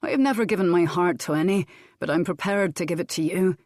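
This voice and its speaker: A woman's voice: lowish voice, fast, dry recording, natural voice. A woman voicing a teasing Border laird. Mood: tender. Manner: dry, teasing, softly wooing. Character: bold teasing male Scottish border laird. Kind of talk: audiobook character reading.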